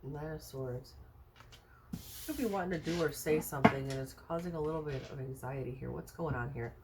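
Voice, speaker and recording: A woman's voice: deep voice, brisk, noisy background. A woman doing a casual tarot reading for viewers, thinking aloud with many fillers and rhetorical questions in a chatty, reassuring way. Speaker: tarot card reader.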